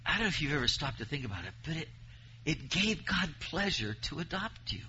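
A man's voice: a little high, big pitch swings, a little fast, bright, forceful tone, dull audio, slight background noise. A man preaching a sermon, reading scripture aloud and pressing his points with emphasis.

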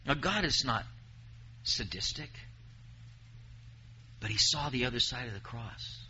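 A man's voice: mid-range voice, pushed and bright, a little hiss or hum. Guy preaching, reads bible verses out, pushes each point hard, bit muffled lo-fi sound. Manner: emphatic preaching, reads scripture aloud. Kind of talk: sermon.

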